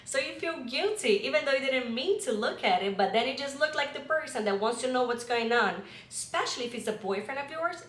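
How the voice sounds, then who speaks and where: Bright-voiced chatty woman in an echoey room. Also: high-pitched, animated, a little fast, few pauses. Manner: chatty, acts out her own worried thoughts. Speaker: vlogger. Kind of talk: casual reaction commentary.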